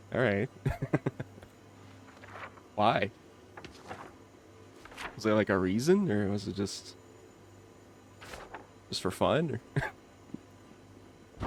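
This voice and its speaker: A man's voice: lowish voice, slight background noise. A young man chatting casually with his livestream chat while gaming, laughing often and reacting to comments. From not from Kentucky. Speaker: streamer.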